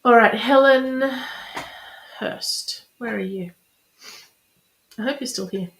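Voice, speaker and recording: A woman's voice: on the high side, takes it slowly, fairly bright tone. A woman speaking as a spiritual reader and coach in a chatty, encouraging live-streamed talk, repeating affirmations. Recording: roomy echo.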